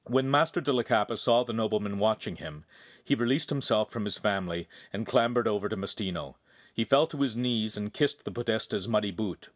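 A man's voice: on the low side, fairly quick, no room sound. Man narrating a novel, dry close sound. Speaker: audiobook narrator.

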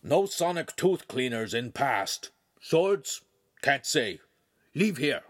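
A man voicing a lazy male canine AI, a floating dog head that talks in broken phrases with a rolling growl and sharp barks. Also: mid-range voice, big pitch swings, slow, slightly rough, no echo, clean studio sound, voice pushed up, heavily acted. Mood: barking.

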